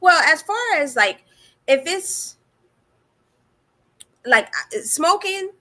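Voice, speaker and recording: A woman from the Las Vegas area chatting calmly as a podcast co-host. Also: sits high, slow pace. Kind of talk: casual chat.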